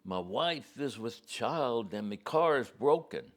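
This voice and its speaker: A man's voice: a little high, sing-song, takes it slowly, gravelly, voice pushed up, exaggerated voice. A man voicing a panicked young male traveler from Scotland, pleading for help. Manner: pleading, urgent.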